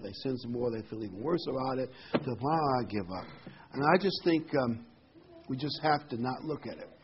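A man preaching an informal sermon, speaking in a conversational way with fillers and asides. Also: medium pitch. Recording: slightly dull recording with faint hiss.

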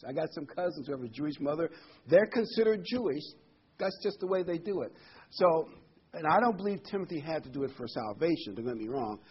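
A man's voice: a little high, slightly rough, highs cut off. A man preaching a Bible sermon in a conversational, emphatic way, his voice rising sharply on key words.

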